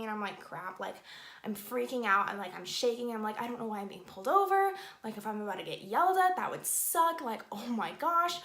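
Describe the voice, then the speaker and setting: A young woman telling a story in a chatty, animated way, saying "like" often, while doing her makeup for a beauty vlog. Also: on the high side. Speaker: beauty vlogger. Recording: echoey room.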